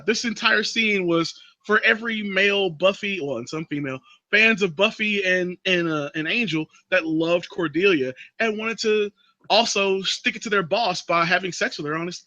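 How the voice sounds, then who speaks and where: Animated, bright-voiced man recapping a movie. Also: high-pitched, moderate pace, no room sound, dull audio. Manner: animated, sarcastic recapping with acted quotes. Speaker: podcast host. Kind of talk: casual movie review chat.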